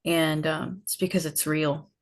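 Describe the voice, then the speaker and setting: A woman guest on a podcast, telling a personal story in a reflective, unhurried way with many fillers. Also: low-pitched, level tone, vocal fry. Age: adult, older than her teen years. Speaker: podcast guest, healing facilitator. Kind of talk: personal storytelling in casual conversation.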